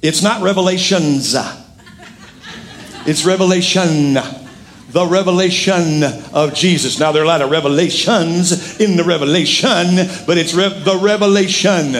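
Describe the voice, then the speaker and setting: A middle-aged man preaching a sermon as pastor, animated and emphatic with frequent jokes. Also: on the high side, normal speed, few pauses, slight background noise.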